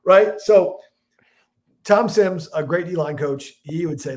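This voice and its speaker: A man in his forties with a slightly high voice tells long stories. He is rambling and animated, restarting his sentences as he goes. He is a podcast guest from Illinois. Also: moderate pace, a little hiss or hum. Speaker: podcast guest, football analyst. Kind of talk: casual storytelling chat.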